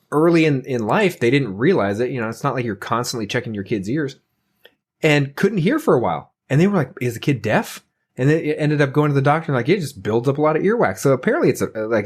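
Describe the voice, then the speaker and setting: A man telling stories on a casual podcast, loose and rambling, full of fillers. He laughs easily and drops curses as he goes. His voice sits in an ordinary middle pitch. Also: breathy edge. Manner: rambling, heavy use of "like", laughs often; profane, animated storytelling. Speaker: podcast host.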